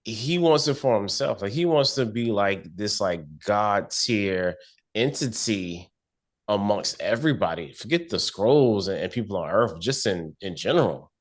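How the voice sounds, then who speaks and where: A man co-hosting a casual podcast episode review, relaxed and slangy, thinking aloud with lots of fillers. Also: on the low side, unhurried. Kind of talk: casual chat.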